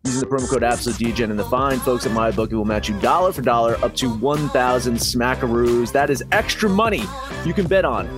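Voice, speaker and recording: A man's voice: mid-range voice, quick pace. A man reading a sponsor ad in a hyped, salesy way. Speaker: sponsor ad reader. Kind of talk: sponsor ad read. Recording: ad read over music.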